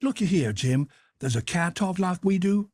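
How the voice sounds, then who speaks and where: Storybook figure: a curious, earnest boy, read by a man, husky and dry. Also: sits high, expressive, moderate pace, darkish tone, dry recording, pitched above the performer's own voice. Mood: reasoning. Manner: earnest questioning. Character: curious young boy, patient and reasoning.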